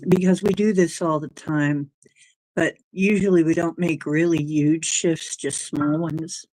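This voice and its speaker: A woman with a low voice hosts a relaxed livestream, drifting loosely between thoughts and picking up viewers' comments as she goes. She takes her time over every phrase. The sound is close and dry, with no room echo. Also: measured pace. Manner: rambling, drifting, reacting to chat comments. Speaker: livestream host reading chat. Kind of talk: casual livestream chat.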